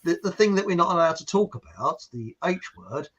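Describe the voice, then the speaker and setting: A man's voice: fairly high pitch, sing-song, a little fast, fairly bright tone, breathy edge, highs cut off. A man from England, hosting a podcast and telling a story in a rambling, jokey way full of asides. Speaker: podcast host. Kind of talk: casual storytelling chat.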